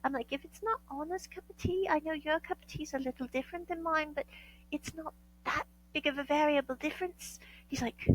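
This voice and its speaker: A woman's voice: sits high, fairly quick, a little hiss or hum, poor audio. A woman from the United States telling a story in casual chat. She laughs often and acts out the dialogue she quotes.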